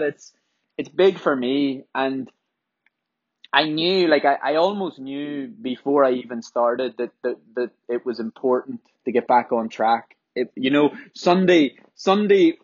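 A candid man speaks about his running, reflective and loose with the odd swear. His voice sits at a middling pitch. The sound is close and dry, with a slightly dull, lo-fi tone. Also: no room sound. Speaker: runner sharing his training. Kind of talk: casual spoken monologue.

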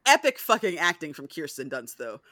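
A woman hosting a casual podcast chat, her voice bright and swinging widely in pitch. She acts out scenes in quick quoted voices. The sound is dry and close. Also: very animated, dry recording. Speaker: podcast host.

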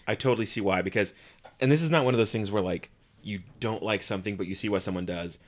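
A man co-hosting a podcast, chatting in a relaxed, rambling way full of "like". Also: lowish voice, fast talker. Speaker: podcast co-host. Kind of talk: casual chat about a movie.

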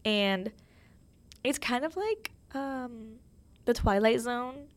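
A woman's voice: fairly high pitch, lively intonation, takes it slowly, dry recording. A young woman hosting her own podcast in a casual, chatty way, full of fillers and self-mocking humor. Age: young adult. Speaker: podcast host. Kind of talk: casual solo podcast chat.

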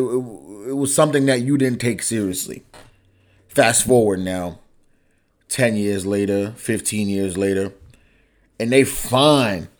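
A young man hosting his own podcast, talking in a casual, profane, heated way, his voice climbing when he gets angry. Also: mid-range voice. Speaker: podcast host. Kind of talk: casual solo podcast rant.

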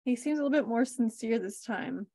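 A woman's voice: a little high, expressive, a little fast, creaky, dark tone, slightly rough, dry recording, clean studio sound. A woman co-hosting a sports betting podcast, giving short agreeing replies in casual chat.

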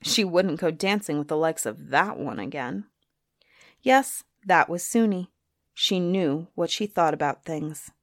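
A woman reads a storybook aloud, expressive and gently animated. Her voice sits fairly low, and the recording is close and dry. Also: a little slow, dry recording.

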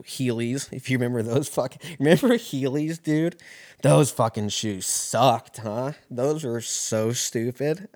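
A man's voice: lowish voice, a little mellow, no echo, clean studio sound. A young man telling a rambling, profane story in a casual way, often laughing.

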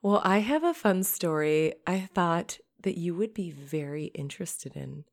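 A woman with a somewhat low voice teases her co-host and reads quirky news items out loud. Her talk is loose, blunt and playful. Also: lively intonation, a little slow, gravelly. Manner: teasing, crude, reads news stories aloud. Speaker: podcast co-host. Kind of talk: casual chat.

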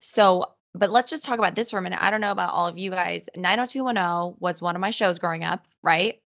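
A woman co-hosting a podcast in casual, excitable chat, her voice a little hoarse from illness, laughing often. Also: lowish voice, quick pace, dull audio. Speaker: podcast co-host.

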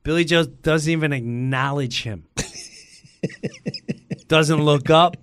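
A middle-aged man telling a story in a lively way, acting out the lines of the people in it. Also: fairly high pitch, slow pace, clear, resonant tone, no room sound, clean studio sound. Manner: acts out other people's lines in quoted voices. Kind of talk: animated storytelling.

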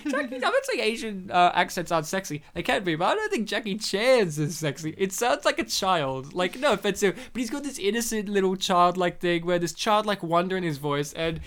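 Animated woman chatting about a movie. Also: medium pitch, fairly quick, hardly any pauses. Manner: blunt, joking, does mock quotes. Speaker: podcast co-host. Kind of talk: casual movie review chat.

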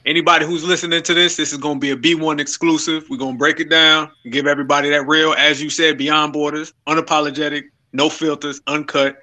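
Fast, bright-voiced male podcast guest. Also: a little high, level tone. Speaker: guest YouTuber. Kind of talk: casual podcast banter.

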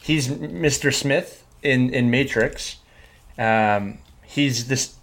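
A man hosting a podcast, talking casually with halting restarts and self-deprecating humor. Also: mid-range voice, a bit bright. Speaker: host.

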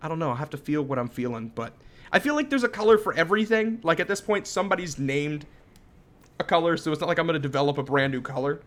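A man's voice: on the high side, expressive, fast talker, fairly bright tone. A man in his thirties co-hosting a podcast, chatting in an upbeat, easily amused way. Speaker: podcast co-host. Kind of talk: casual chat.

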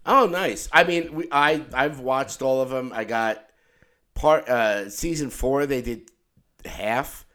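A man's voice: medium pitch, slow pace. A man hosting a podcast in casual chat, telling stories with lots of restarts. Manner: animated storytelling with many restarts and laughs. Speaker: podcast host.

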